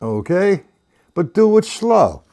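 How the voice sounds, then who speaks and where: A man teaching a live-streamed drum lesson, explaining patiently and counting the sticking aloud in a low murmur. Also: sing-song, mellow. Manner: slow, patient explaining, reads out chat names. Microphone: webcam or computer mic on a live stream.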